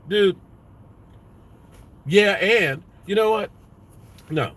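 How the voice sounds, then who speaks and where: A man's voice: mid-range voice, animated, unhurried, a bit bright, husky. A man hosting a sports vlog, ranting bluntly with lots of profanity. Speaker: sports vlogger.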